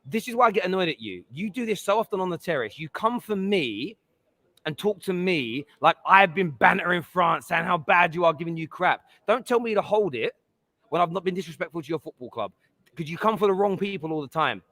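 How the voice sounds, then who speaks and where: A fast-talking man with a fairly high voice, hosting a heated live stream. He keeps interrupting and pressing his point, insistent and exasperated. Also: lively intonation, fairly bright tone, dry recording. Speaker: livestream host.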